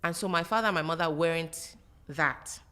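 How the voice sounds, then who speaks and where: A woman hosts a podcast in relaxed conversation. Her voice is bright and sits a little low, and she sounds self-assured and animated. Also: normal speed, clean tone. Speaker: podcast host.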